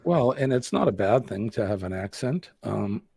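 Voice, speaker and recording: A man's voice: fairly low pitch, lively intonation, moderate pace, creaky, warm tone, slightly rough, no room sound, studio quality. A man from New England with a Boston accent, hosting a live stream, chatting in a rambling way and answering viewer comments. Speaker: host.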